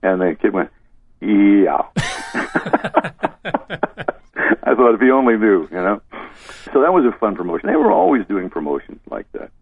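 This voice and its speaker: A man's voice: lowish voice, sing-song, normal speed, gravelly, long pauses, husky, no echo. An older man, a former disc jockey, telling stories in an interview, rambling and chuckling as he goes. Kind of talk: reminiscing interview. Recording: dry tinny phone line.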